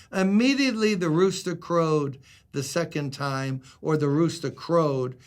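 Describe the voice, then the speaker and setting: A man's voice: on the high side, unhurried. An older man, a pastor, giving a devotional sermon in a conversational style, acting out quoted lines with dramatic emphasis.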